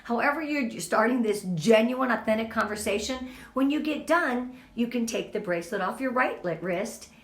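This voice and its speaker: Woman, middle-aged, team leader, heartfelt motivational pep talk, slightly high voice, echoey room. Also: animated, moderate pace, few pauses. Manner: earnest and emotional, speaks to the group directly.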